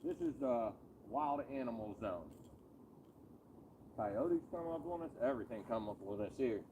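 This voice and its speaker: A man's voice: mid-range voice, animated, normal speed, a little hiss or hum. A man casually chatting with viewers during a live fishing stream, talking in a laid-back, joking way, recorded outdoors on a riverbank at night on a phone.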